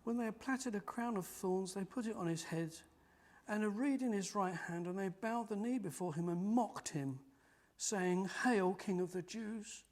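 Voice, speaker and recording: A man preaching a sermon in a church, animated and lively, acting out the mockers' voices. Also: high voice, normal speed.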